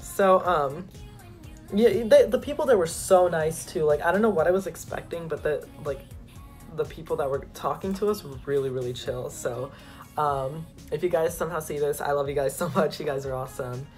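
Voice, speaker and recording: A young adult man vlogging, telling an excited, rambling story with lots of filler words. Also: a little high. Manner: excitable, rambling, heavy use of "like". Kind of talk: casual storytelling to camera.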